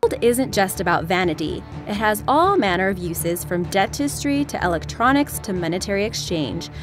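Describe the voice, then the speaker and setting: A woman reading scripted science-video narration in a brisk, wry explainer manner, played from a video. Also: medium pitch, very animated, faint music behind.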